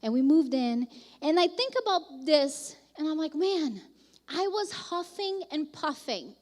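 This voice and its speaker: High-voiced woman pastor preaching in a hall. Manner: conversational storytelling, animated and candid. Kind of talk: sermon. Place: large church hall, live. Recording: live sermon in a reverberant hall.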